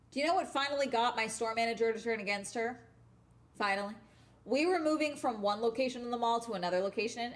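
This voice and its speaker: A woman's voice: medium pitch, fairly bright tone. A young woman telling a work story in a casual vlog rant, swearing constantly and often ending sentences with "okay?". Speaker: vlogger.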